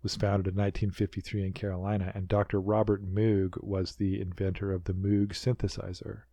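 A man co-hosting a podcast, chatting in a rambling, animated way as he recaps a show. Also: deep voice, fairly quick, no room sound. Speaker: podcast co-host. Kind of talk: casual recap chat.

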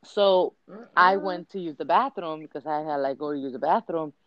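A woman with a blunt, profane, animated way of telling a story in casual chat. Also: deep voice, moderate pace, dry recording, dull audio.

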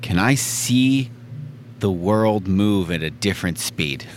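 Male podcast co-host with a low voice; drawls very slowly, rambles with ums and swears, over a faint hum. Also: lively intonation. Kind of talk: casual chat.

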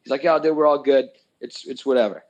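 A man's voice: medium pitch, quick pace, darkish tone, low-quality recording. A young man telling a story in casual chat, ranting heatedly and swearing a lot.

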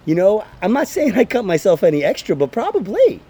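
A high-pitched, brisk man in his thirties hosts a casual podcast, telling loose, animated stories full of swearing. The podcast host and comedian also slips into character voices as he goes.

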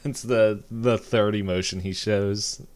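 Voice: mid-range voice, steady tone, unhurried, a little mellow. A podcast co-host making dry, laughing asides in casual chat over a remote video call.

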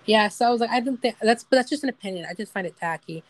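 Young woman, podcast co-host, rambling chat, giggly, slightly high voice, dry sound. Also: animated, racing, no room sound. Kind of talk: casual chat.

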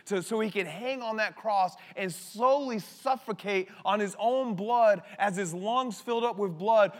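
A man in his thirties preaching a sermon with passion, swinging from loud bursts to hushed words. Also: sits high. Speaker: pastor. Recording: long hall reverb.

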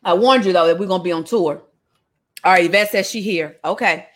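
A woman leading a casual online Bible lesson, reading the story aloud and breaking off to comment in a lively, conversational way. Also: on the low side, fairly quick. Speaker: Bible study teacher.

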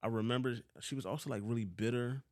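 A man's voice: mid-range voice, fast talker, no room sound, studio quality. A man in his thirties with a Philadelphia accent, telling a heated, profane story about a past boss in a casual vlog. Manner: profane, heated, swears often. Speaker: vlogger.

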